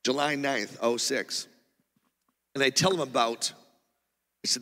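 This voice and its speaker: A man telling a personal testimony from the pulpit in an animated, rambling way, with many restarts. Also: mid-range voice, measured pace, pauses often. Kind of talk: testimony sermon. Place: church auditorium. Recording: long reverb of a church hall.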